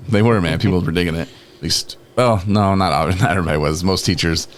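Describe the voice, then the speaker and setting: Man, very low voice, casual storytelling, rambling, laughing, studio chat. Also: fast talker. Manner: rambling, laughing, quotes people in lively voices. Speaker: guest on recovery talk show. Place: podcast studio.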